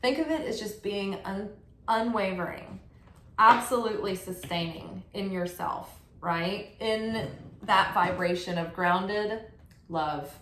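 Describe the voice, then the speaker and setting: A woman's voice: medium pitch, takes it slowly, slight background noise. Chatty woman giving a tarot reading. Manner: animated, chatty, affirming, frequent "like". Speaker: tarot reader. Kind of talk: casual spiritual tarot reading. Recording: roomy echo.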